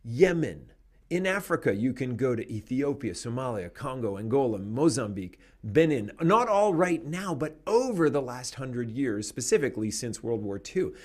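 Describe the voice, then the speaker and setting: A man in casual conversation, talking in an animated, opinionated way and laughing often. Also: mid-range voice, moderate pace.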